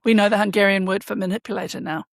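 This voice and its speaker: A woman's voice: mid-range voice, fairly even intonation, racing, gravelly, dry recording, clean studio sound. A woman co-hosting a podcast, chatting casually and gushing about a show with an enthusiastic fan's manner. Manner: enthusiastic, gushing fan reactions. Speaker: podcast co-host.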